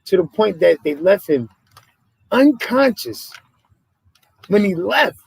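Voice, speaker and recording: A man hosting a casual podcast chat, telling stories in animated streetwise slang. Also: high voice, normal speed, creaky, breathy edge, rough recording. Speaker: podcast host.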